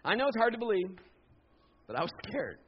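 Animated man in his fifties preaching. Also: high voice, a little fast, breathy edge. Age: 50s. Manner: animated, jokey storytelling with acted-out voices. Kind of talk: storytelling sermon. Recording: dull lo-fi sound.

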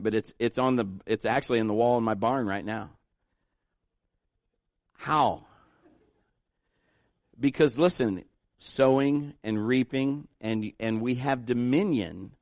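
A man preaching a sermon, telling a story in an animated way and acting out the voices of others. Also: mid-range voice, moderate pace, long pauses, dry recording. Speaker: pastor.

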